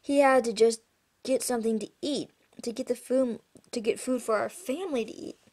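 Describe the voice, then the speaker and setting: A woman's voice: on the high side, normal speed, a little mellow. Brief: distressed girl, shaky delivery, close to the reader's own voice, a woman reading. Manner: shaky, faltering speech. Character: upset girl, shocked and ashamed.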